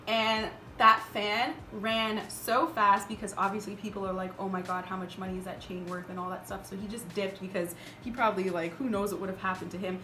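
Young woman, beauty vlogger, casual makeup chat, animated filler-heavy talk, mid pitch, echoey room. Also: noisy background. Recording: roomy echo with background music.

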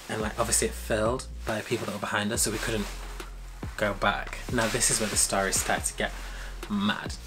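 Animated young storyteller. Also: mid-range voice. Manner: animated, acts out quoted dialogue with big voice jumps. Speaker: vlogger. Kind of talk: casual storytime.

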